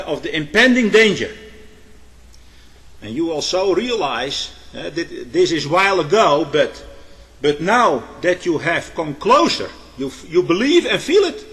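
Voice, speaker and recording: A man preaching a sermon. He tells illustrative stories, pauses on hesitations, and keeps adding a questioning "eh?". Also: on the high side, a bit bright. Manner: frequent "eh?" tag questions, halting restarts. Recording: long hall reverb.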